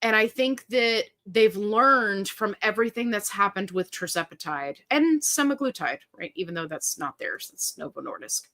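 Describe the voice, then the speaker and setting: Woman, live-stream host, bright voice, casual chatty delivery, joking asides. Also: mid-range voice. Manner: chatty and animated, quick asides and laughs. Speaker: livestream host. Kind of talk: casual live-stream chat reading viewer comments.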